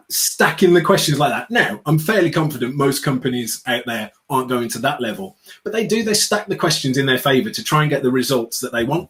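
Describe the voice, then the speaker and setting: A British man, an outspoken guest speaker, chatting casually in an interview with sarcastic, animated asides. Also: medium pitch, poor audio. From United Kingdom. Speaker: guest, customer experience speaker.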